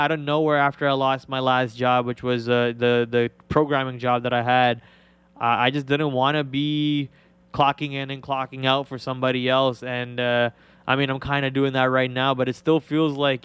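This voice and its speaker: A man's voice: medium pitch, a bit bright, clean tone, no room sound. A young man hosting a trading livestream, chatting casually and rambling with many fillers and restarts. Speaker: trading show host.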